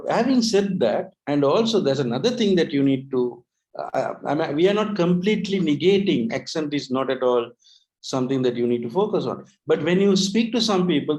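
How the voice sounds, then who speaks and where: Man, fairly high voice, relaxed explainer on language learning, chatty with many restarts. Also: low-quality recording. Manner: chatty, restarts often, rhetorical tag questions. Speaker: webinar co-host, English trainer. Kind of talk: casual educational talk.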